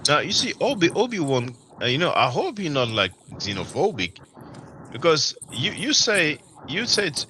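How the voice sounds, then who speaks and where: A man with a bright, forward tone hosts a live call-in discussion. He rambles along with plenty of "you know" fillers and slips into mocking impressions when quoting someone. The audio comes through an online call. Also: fairly high pitch, big pitch swings, normal speed, a little hiss or hum. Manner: rambling, many fillers, quotes others mockingly. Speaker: livestream panel host. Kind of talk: casual call-in commentary.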